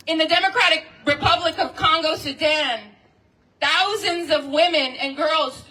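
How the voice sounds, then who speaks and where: Woman organizer, high bright voice, rousing outdoor rally speech, heard from a distance. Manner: impassioned, leads call-and-response chants. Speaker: labor organizer speaking at a rally.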